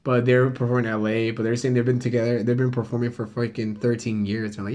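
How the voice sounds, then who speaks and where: A man's voice: mid-range voice, little pitch movement, fast, hardly any pauses, darkish tone. A man in his thirties, a comedian telling stories in a casual chat, swearing a lot and saying dude and bro. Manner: laid-back storytelling, heavy swearing, says dude and bro. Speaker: comedian, podcast host.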